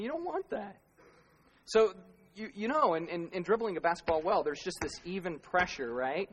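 A man's voice: high voice, husky. A male pastor giving a conversational sermon, asking rhetorical questions and laughing at himself now and then. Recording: long reverb of a large hall.

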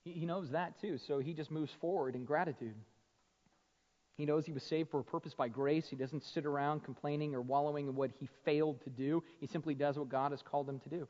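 A male pastor preaching a sermon, swinging from hushed, slow emphasis to loud, fervent passages. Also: on the high side, fairly even intonation. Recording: muffled sound with long hall reverb.

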